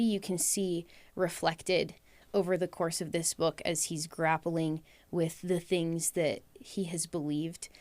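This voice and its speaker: Female guest, lowish voice, measured and halting, dry close sound. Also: darkish tone, dry recording. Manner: measured, with frequent "um" pauses. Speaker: book club guest. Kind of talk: reflective discussion.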